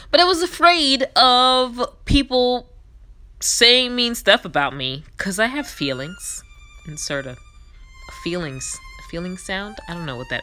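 A woman's voice: deep voice, bright, forceful tone. A woman in her twenties telling a story in a chatty, self-deprecating way while playing a game. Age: 20s. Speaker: gaming YouTuber.

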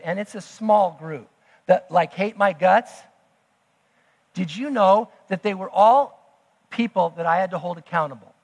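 A man preaching a sermon as pastor, emphatic, swinging between loud declarations and hushed asides. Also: high voice, breathy edge. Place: church sanctuary. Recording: long church hall reverb.

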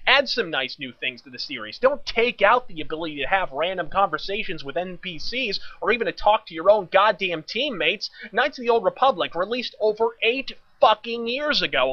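A man's voice: high-pitched, dull audio. A man delivering a scripted, sardonic rant of a game review, profane and hyperbolic.

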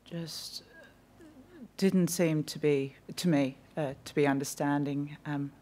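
A woman, giving formal testimony at a public inquiry and recounting a conversation in a measured, precise way with dry asides, on a desk microphone. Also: deep voice, steady tone, warm tone. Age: 50s. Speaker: witness giving evidence. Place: hearing room of a public inquiry.

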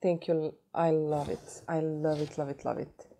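Emotional low-voiced woman vlogger. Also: flat delivery, normal speed, vocal fry, dark tone. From Sweden. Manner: gushing, emotional, repeats herself. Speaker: beauty vlogger. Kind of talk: unboxing vlog.

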